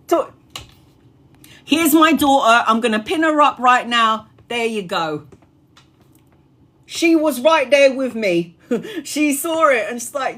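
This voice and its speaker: A woman tarot reader chatting casually on a live stream, animated and laughing, swearing freely and acting out what people say. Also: a little high, a little slow.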